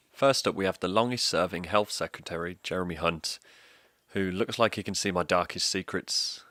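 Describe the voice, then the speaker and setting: Deep, dry-sounding man, sweary deadpan comic ranter. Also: dry recording. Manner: sardonic, sweary, deadpan mockery. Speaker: comedic ranter. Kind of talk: scripted comedic political rant.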